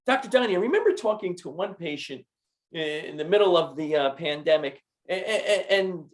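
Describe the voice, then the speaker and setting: A middle-aged man hosting a health podcast, telling stories in an animated, repetitive way. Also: a little high, fairly quick. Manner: animated storyteller, repeats words. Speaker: podcast host and doctor. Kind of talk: casual interview chat.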